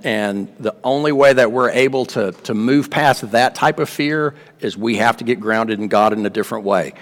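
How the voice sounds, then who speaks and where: A man preaching a sermon in a casual, conversational way, often repeating words and asking the congregation questions. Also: medium pitch. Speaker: pastor. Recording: long reverb of a hall.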